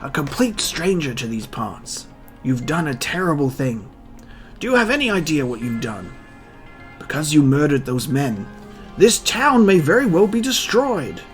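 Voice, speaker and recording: A man voicing a panicky, middle-aged male town mayor while reading a manga aloud, with a shrill, pleading, nervous delivery. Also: very animated, unhurried, soft background music. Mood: fearful.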